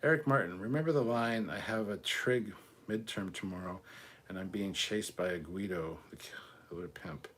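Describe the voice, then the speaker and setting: A man's voice: low voice, normal speed, a bit bright, slight background noise. A man hosting a casual live stream, reading viewer comments aloud and answering offhand, sometimes swearing. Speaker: livestream host reading chat.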